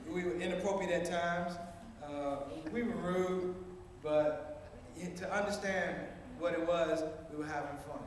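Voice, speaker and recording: A man from Washington, D.C., with an East Coast accent, doing animated stand-up storytelling for a live audience. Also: sits high, a little slow. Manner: animated, playful, acts out both sides of dialogue. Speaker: stand-up comedian. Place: university event hall, live audience. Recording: echoey hall, voice from far off, audience noise.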